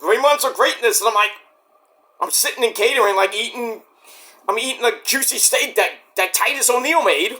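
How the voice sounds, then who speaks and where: Male vlogger, high bright voice, rambling and profane, slips into acted-out quotes. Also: moderate pace. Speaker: wrestling commentary vlogger. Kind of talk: casual rant.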